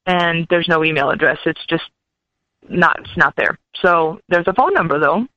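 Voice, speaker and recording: Bright-voiced woman telling a story. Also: deep voice, moderate pace, no room sound, highs cut off. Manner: lively storyteller, mimics voices in quotes. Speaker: podcast guest. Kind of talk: storytelling anecdote.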